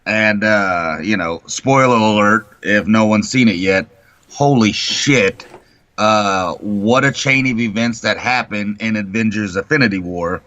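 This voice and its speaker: Bright, swearing man retelling a movie. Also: fairly low pitch, unhurried, no room sound. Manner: animated storytelling, heavy swearing. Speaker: co-host. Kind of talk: profane casual chat. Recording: dull lo-fi sound.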